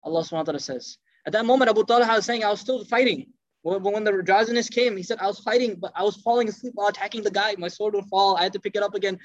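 A man telling a story in a lively sermon, acting out the quoted speech and mixing in Arabic phrases. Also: high-pitched, racing, no room sound. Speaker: preacher. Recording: dull, dry lo-fi sound.

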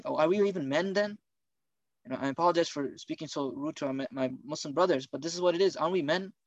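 A man's voice: fairly high pitch, no echo, highs cut off. A man preaching a sermon on marriage, earnest and driven by urgent rhetorical questions.

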